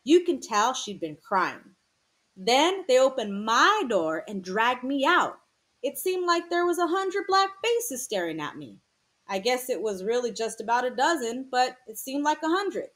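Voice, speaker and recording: A troubled teenage boy, read by a woman, tells his story in blunt, slangy words. The voice sits fairly high and swings widely in pitch. He sounds tense and shaken. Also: sing-song, unhurried, a bit bright, heavily acted.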